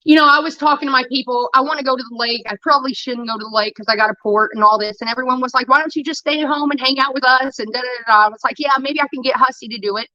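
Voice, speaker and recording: A woman's voice: high-pitched, racing, hardly any pauses, sharp tone, no room sound, highs cut off. A woman streamer delivering a heated, profane rant about a falling-out with a friend, talking straight into a close mic. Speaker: livestreamer. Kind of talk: ranting livestream monologue.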